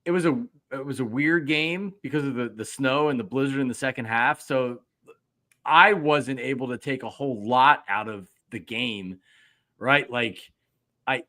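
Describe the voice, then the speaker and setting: A man's voice: medium pitch, sharp tone. A middle-aged man, hosting a casual sports talk show and getting worked up as he acts out his own reactions. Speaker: podcast host.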